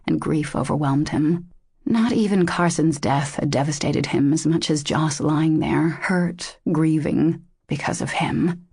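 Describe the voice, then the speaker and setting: A woman narrating a romance audiobook in a measured, intimate way. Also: low-pitched, gravelly, a little mellow, breathy edge, no echo, clean studio sound.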